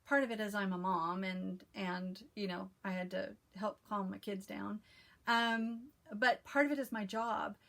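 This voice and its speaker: A woman hosting a casual stitching vlog, who chats and reads a devotional aloud in a calm, soothing voice with frequent restarts. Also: medium pitch, measured pace, vocal fry. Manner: chatty, with frequent restarts and fillers. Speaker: cross-stitch video host. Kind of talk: casual chat and devotional reading.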